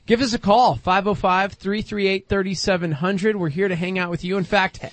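A man with a high, light voice co-hosting a call-in radio show. He chats loosely and cheerfully and laughs easily. The studio sound is dry and close. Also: fairly even intonation, normal speed, fairly bright tone, no room sound. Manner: upbeat, loose, laughs often. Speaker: radio co-host. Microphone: studio microphone.

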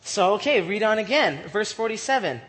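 A man's voice: sits high, lively intonation, normal speed, fairly bright tone, long reverb tail. A man leading a casual Bible study, reading verses aloud and retelling them in chatty slang with frequent laughs.

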